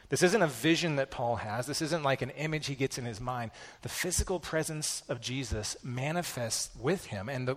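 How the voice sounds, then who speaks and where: A pastor giving a sermon in a casual, conversational way, with self-deprecating personal stories. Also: male voice, mid-range voice, fairly bright tone, big-room sound.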